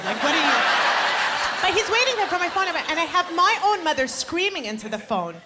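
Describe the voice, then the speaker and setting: High, animated woman doing stand-up. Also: fast. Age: 20s. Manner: animated, punchy, playful crowd work. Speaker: stand-up comedian. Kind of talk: stand-up comedy. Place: comedy stage before a live audience. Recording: live stage mic over loud crowd noise.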